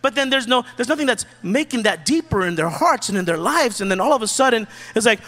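A man preaching a sermon from the pulpit in a relaxed, joking, conversational way. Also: extremely high pitch, quick pace, few pauses, in a large hall. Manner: casual, joking preacher who acts out quotes. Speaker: pastor.

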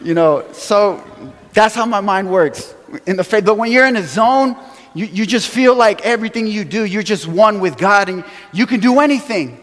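A man preaching a sermon, telling stories with animated acted-out quotes and chuckles, from a church sanctuary. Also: high voice, moderate pace. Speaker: pastor. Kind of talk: sermon storytelling. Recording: long hall reverb.

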